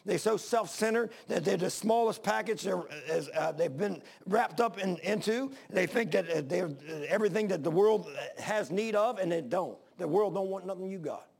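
A man's voice: sits high, normal speed, vocal fry, few pauses, a little mellow, slightly rough. A man in his sixties preaching a sermon, pleading with repeated questions in plain, folksy speech. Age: 60s. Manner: fervent, repetitive pleading questions.

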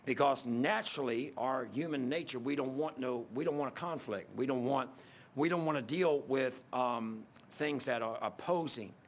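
A man's voice: medium pitch, moderate pace, a little hiss or hum. A man preaching a sermon, telling a story in a casual, conversational way with many restarts.

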